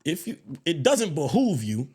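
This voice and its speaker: Animated, high-voiced man telling a story. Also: normal speed, slightly rough. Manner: animated storytelling, swears freely, swings pitch and loudness. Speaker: podcast co-host. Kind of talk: casual podcast chat.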